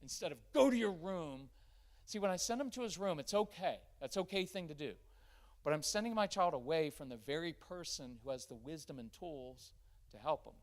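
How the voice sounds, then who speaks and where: A man's voice: a little high, brisk. A man giving a live parenting workshop in a church, talking straight to his audience and acting out what parents and kids say. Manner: animated, acts out quoted parents and kids.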